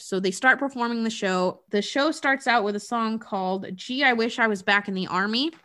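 A woman with a bright, forceful voice recaps a film's story in casual conversation. She talks in a loose, chatty way, piles on "like" and lets the odd swear word slip. Her pitch sits in an ordinary middle range. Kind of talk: casual chat, retelling a film plot.

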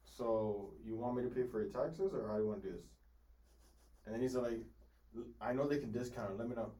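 A man's voice: medium pitch, brisk, warm tone. A man co-hosting a casual chat, bluntly telling stories about customers from car sales. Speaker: podcast co-host, car salesman. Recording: roomy sound from a distant mic.

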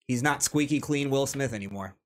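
A man's voice: medium pitch, slight background noise. Man hosting with mock-grand announcing. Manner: playful, mock-grand announcing with drawn-out phrasing. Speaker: podcast host. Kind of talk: casual podcast banter.

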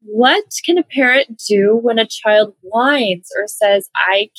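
A woman's voice: a little high, slow pace, a bit bright, dry recording, poor audio. Woman host, encouraging, chatty, dry close mic. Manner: encouraging, affirming interviewer. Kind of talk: conversational interview.

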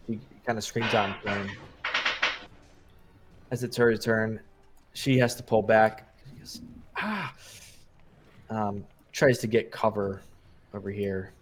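A man narrating as game master while losing his voice, relaxed, with many fillers. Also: lowish voice, a little slow, pauses often, slight background noise.

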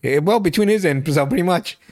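A man's voice: high-pitched, animated, fast talker, a little mellow. A young man hosting a podcast, recapping a TV show in casual, profane, rambling chat and laughing often. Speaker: podcast host.

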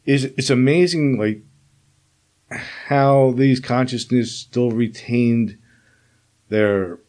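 A man's voice: mid-range voice, slow pace, darkish tone. Male host, chatty, meandering delivery full of filler words. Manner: rambling, full of "like" and "you know". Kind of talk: casual interview chat.

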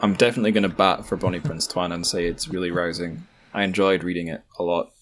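Scottish male co-host, deep voice, relaxed chat, wry asides. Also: fast talker. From Scotland. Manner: chatty, joking asides. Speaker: podcast co-host. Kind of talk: casual chat.

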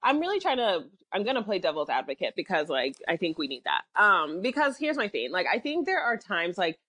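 A woman co-hosting a casual chat podcast, talking in a relaxed, thoughtful way. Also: fairly low pitch, fairly quick, breathy edge, no room sound. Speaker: podcast co-host.

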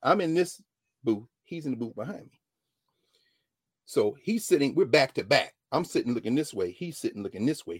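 A man, a professor telling a story in an animated lecture and acting out the dialogue. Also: slightly rough, no echo, studio quality. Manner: dramatic, acts out dialogue, swings from low mutters to loud exclamations. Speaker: professor hosting a class-style show.

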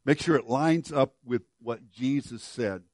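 A man's voice: mid-range voice, a little slow, a little mellow, dry recording, clean studio sound. An older man preaching a sermon as pastor, telling a folksy story with many restarts and repeated words.

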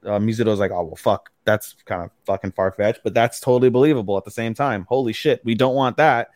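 A man's voice: on the low side, brisk, a little mellow, no room sound. A man co-hosting a podcast, retelling an anime episode with loose, profane energy. He drops in the characters' lines as he goes. His voice sits close and dry on the mic. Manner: swears often, recaps plots with quoted lines. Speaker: podcast co-host. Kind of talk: casual podcast chat.

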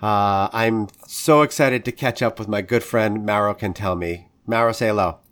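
A man's voice: fairly low pitch, normal speed, fairly bright tone. A man with an American accent hosting a chatty show, friendly and laughing often. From United States. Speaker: podcast host. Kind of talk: casual chat.

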